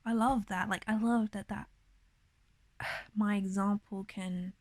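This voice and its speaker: A woman vlogs from her bed in a hushed, half-whispered voice, rambling through her thoughts with lots of fillers. She sounds upset and in pain, at a middling pitch, and the sound is dry and close, with no room echo. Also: fairly even intonation, slow. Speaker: vlogger. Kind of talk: casual confessional vlog. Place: in bed, indoors.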